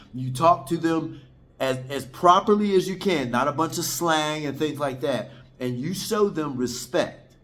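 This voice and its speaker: A man talking casually to his vlog viewers from his apartment, in a voice a touch higher than most men's. He rambles, circles back to repeat himself and keeps addressing the audience as guys. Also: a bit bright. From United States. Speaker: vlogger. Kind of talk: casual talk to camera. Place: indoors, apartment on a third floor.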